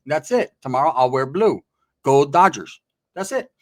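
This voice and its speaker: Male storyteller, streetwise and profane, animated delivery, slightly high pitch. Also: normal speed. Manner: profane, streetwise, animated, acts out quoted voices. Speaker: guest recounting prison stories. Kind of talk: casual storytelling.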